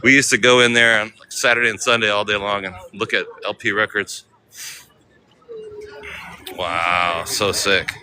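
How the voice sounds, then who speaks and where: A man's voice: lowish voice, steady tone, moderate pace, long pauses, sharp tone, slight background noise. An American man live-streaming as he walks city streets, chatting casually with viewers in slang. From United States. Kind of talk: walking live-stream vlog.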